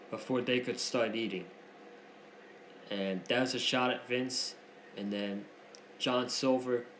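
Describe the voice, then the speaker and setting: A man's voice: mid-range voice, a bit bright. A man hosting a wrestling news show, commenting in a heated, opinionated way and repeating himself for emphasis. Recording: echoey room with faint noise.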